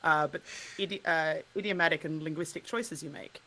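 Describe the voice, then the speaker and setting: A woman with an Australian accent, chatting casually as a podcast guest in an animated way and laughing often. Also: deep voice, fairly quick, low-quality recording. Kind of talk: casual chat.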